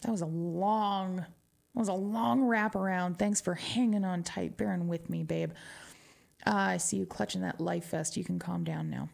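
A woman's voice: on the low side, normal speed, vocal fry, darkish tone. A woman from New Mexico with a Southwestern twang, chatting casually as a radio DJ between songs, wry and laughing often.

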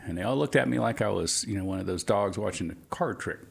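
Man, radio DJ, gravelly voice, rambling casual chat. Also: on the low side, quick pace, few pauses. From Atlanta, Georgia, US. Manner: rambling, chatty, self-amused. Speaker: radio DJ host. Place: community radio studio.

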